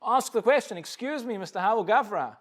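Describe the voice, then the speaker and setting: A man's voice: high voice, expressive, fairly quick, a bit bright. A rabbi teaching a Talmud class, explaining the story step by step and acting out the dialogue, often repeating little words as he starts a sentence. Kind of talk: Talmud lecture to a live class.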